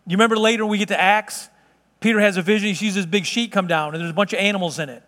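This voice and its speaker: A middle-aged man preaches from the pulpit of a church sanctuary, his voice pitched high for a man. He talks loosely, stumbling and restarting as he goes, and the long reverb of the hall trails after each phrase. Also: steady tone, very fast, fairly bright tone. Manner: conversational preaching with frequent restarts. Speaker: pastor. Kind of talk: sermon.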